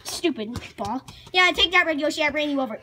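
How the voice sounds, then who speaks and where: Woman doing Bowser Junior, shrill gloating brat. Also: lively intonation, brisk, pushed and bright. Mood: bossy. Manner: taunting, bossy, gloating. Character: bratty boastful young male koopa kid. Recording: noisy home video recording.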